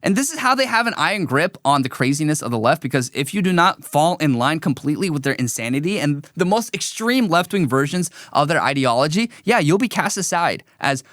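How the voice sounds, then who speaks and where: A man's voice: on the high side, very animated, brisk, hardly any pauses, a bit bright, no room sound, clean studio sound. A man hosting a livestream, commenting on a clip in an emphatic, scornful and repetitive way. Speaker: host.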